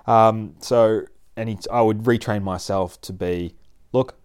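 A man explaining dog training in a casual, animated way, often laughing and acting out his dog. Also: lowish voice, unhurried, smooth. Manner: animated, acts out dogs and people in playful voices, laughs often. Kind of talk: casual instructional talk.

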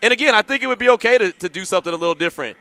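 High bright-voiced male radio host. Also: lively intonation, rapid-fire, no echo. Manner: chatty, joking asides. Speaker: radio sports talk host. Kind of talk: casual radio chat.

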